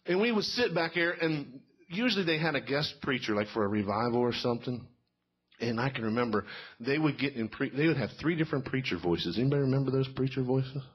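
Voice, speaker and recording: A man's voice: mid-range voice, expressive, a little fast, slightly rough, dull audio. A middle-aged man telling folksy stand-up stories and quizzing a live audience in a small cafe. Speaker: comedian.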